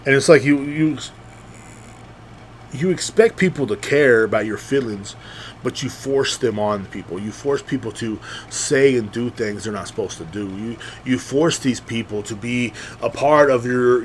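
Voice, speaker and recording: Animated, rambling, tipsy man host. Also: medium pitch, moderate pace, a little hiss or hum. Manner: profane, rambling, with frequent fillers and restarts. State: drunk. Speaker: podcast host. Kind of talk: casual rambling monologue.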